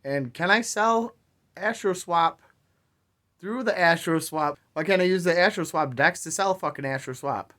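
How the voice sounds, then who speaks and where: A man's voice: on the high side, moderate pace, pushed and bright. Profane, ranting male crypto vlogger. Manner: profane, exasperated, rambling; sarcastic. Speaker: crypto video host. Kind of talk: ranting casual commentary.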